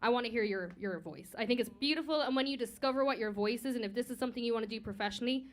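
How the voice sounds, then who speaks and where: A woman judging a singing contest, speaking in a candid, chatty way that turns loud and excited, with frequent laughter. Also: a little high, racing. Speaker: singing competition judge. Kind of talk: casual spoken critique. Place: community music venue.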